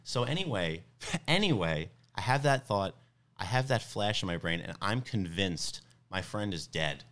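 A young man casually telling a long story on a podcast, rambling and animated, full of fillers and restarts. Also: deep voice, a little slow. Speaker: podcast guest.

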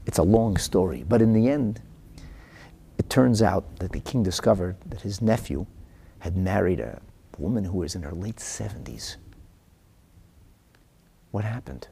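A man teaching a class on religious texts and telling a story in an animated way, acting out the characters. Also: sits low, moderate pace, gravelly, pauses often, slightly rough. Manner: animated storyteller, acts out voices. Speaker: Torah teacher.

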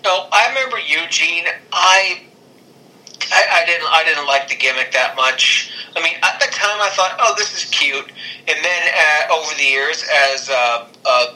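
A man co-hosting a casual podcast, talking in a halting way with stammers and restarts. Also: fairly high pitch, sharp tone, poor audio. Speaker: podcast co-host. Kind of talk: casual chat.

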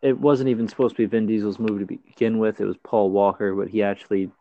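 A man's voice: on the low side, fairly even intonation, fast talker, dull audio. A man co-hosting a casual movie chat, with wry, sarcastic asides. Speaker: podcast co-host.

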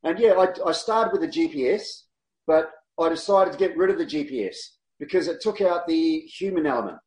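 A man, a guest telling travel stories in a casual, animated way and laughing often. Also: on the high side, a little fast. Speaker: guest, long-distance cyclist. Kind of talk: casual storytelling interview. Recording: roomy echo.

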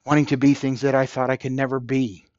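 A man's voice: mid-range voice, level tone, fast talker, a little mellow, dry recording, dull audio. A man hosting a podcast, delivering an earnest motivational monologue and repeating phrases for emphasis. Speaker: podcast host.

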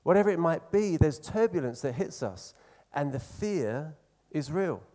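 A man preaching a sermon in an earnest, conversational way, slowing down to stress key phrases. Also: a little high, expressive, mellow.

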